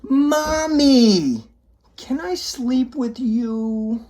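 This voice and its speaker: Storybook toddler, stubborn and sleepy, very high pitch; a man voices it. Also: extremely slow, a little mellow. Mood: pleading. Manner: high squealing child voice, calling out.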